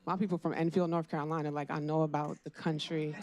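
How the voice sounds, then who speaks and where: A woman's voice: deep voice, little pitch movement, brisk, few pauses, a little mellow. A woman speaking on a conference panel, earnest and conversational with informal phrasing.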